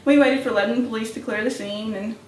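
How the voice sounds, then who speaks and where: Woman, dispatcher in a documentary interview, higher voice, off-mic with room echo. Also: steady tone, quick pace, a little mellow, distant mic, slight background noise. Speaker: emergency dispatcher.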